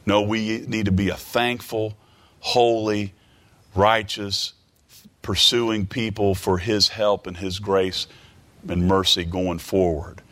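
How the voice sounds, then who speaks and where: A man's voice: fairly low pitch, level tone, slow, a bit bright. A man preaching a sermon, reading scripture aloud and explaining it earnestly, often repeating words as he searches for the next phrase.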